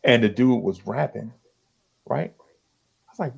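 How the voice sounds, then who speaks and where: A man's voice: mid-range voice, slow, creaky, husky, highs cut off. A middle-aged man telling street stories in casual chat, full of slang and acting out the voices of old friends. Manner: streetwise slang, animated storytelling, acts out dialogue. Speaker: podcast host.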